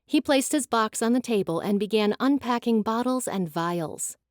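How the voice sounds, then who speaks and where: A woman giving an expressive, dramatic scripted narration of a fantasy audiobook. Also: a little high, moderate pace, dry recording, clean studio sound.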